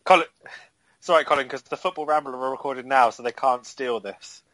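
A man's voice: medium pitch, a little fast, fairly bright tone. A man on a football podcast panel, teasing the others in a casual way.

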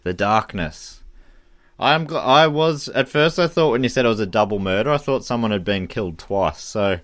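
A man's voice: medium pitch, brisk, no echo, studio quality. A man co-hosting a casual podcast, musing aloud in a rambling way. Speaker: podcast co-host. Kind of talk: casual chat.

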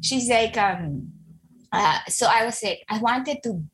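A woman's voice: on the high side, animated, takes it slowly, noisy background. A middle-aged woman with a Filipino accent, a parenting coach telling a personal story in a chatty way, laughing often. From Philippines. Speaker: conscious parenting coach, guest. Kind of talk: casual interview talk, personal storytelling.

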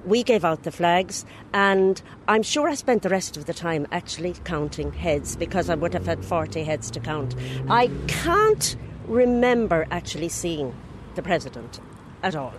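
An older woman, a retired teacher recalling events in a brisk, matter-of-fact way. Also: on the low side, animated, noisy background. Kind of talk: interview recollection.

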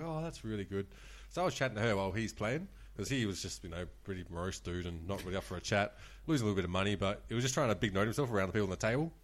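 An Australian man, a former casino dealer, telling anecdotes casually with swearing and laughter. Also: fairly low pitch. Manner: fast, swearing, laughing often. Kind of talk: casual storytelling.

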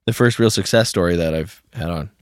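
A man's voice: low-pitched, a little fast, no room sound. A young man hosting a podcast in a small home studio, talking loosely with many fillers and frequent swearing. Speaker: podcast host. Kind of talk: casual chat.

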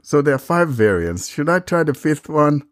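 A man hosting a relaxed, chatty tech discussion and demonstrating speech settings. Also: a little high, normal speed, dry recording, studio quality. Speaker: podcast host demonstrating software. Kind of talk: casual tech chat.

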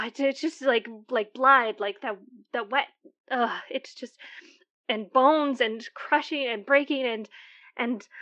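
A nervous woman caller, played by an actress, recounts her night in a high, halting voice that stumbles and repeats itself. The audio is dull and lo-fi, like a call-in to a radio drama. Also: a bit bright. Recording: dull lo-fi sound.

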